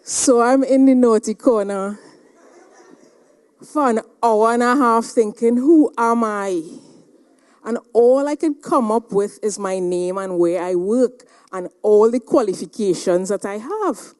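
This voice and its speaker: A woman giving a motivational seminar talk, telling a personal story in a dramatic, animated way. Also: fairly high pitch, unhurried. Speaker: seminar speaker.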